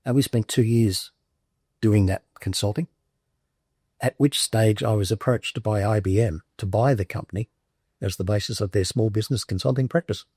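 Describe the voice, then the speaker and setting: Older aussie guy, husky lowish voice, telling his story plain and matter-of-fact, dry close sound. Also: normal speed, a little mellow, dry recording. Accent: Australian. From Australia. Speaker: veteran interviewee. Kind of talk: documentary interview, recounting a career.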